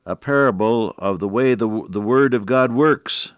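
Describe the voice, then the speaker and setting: A man's voice: medium pitch, unhurried, dry recording, highs cut off. An older man giving a radio devotional sermon, earnest, quoting scripture in old wording and swelling on key phrases. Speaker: radio preacher.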